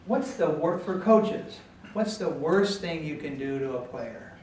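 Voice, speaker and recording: A man explaining positive coaching to an audience in a calm, patient way, with frequent pauses and ums. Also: a little high, a little hiss or hum. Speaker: speaker at a coaching workshop. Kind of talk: talk with audience Q&A. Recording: echoey hall, far from the mic.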